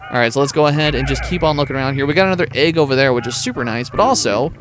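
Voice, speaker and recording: A man's voice: mid-range voice, very fast, few pauses, fairly bright tone, a little hiss or hum. A young man hosting a casual let's-play, chatty and rambling with playful asides to his viewers. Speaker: gaming channel host.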